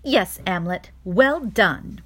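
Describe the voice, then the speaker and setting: A woman's voice: medium pitch, lively intonation, slow. A woman reading a storybook aloud, voicing a wise and theatrical mother possum who lectures her babies. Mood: solemn.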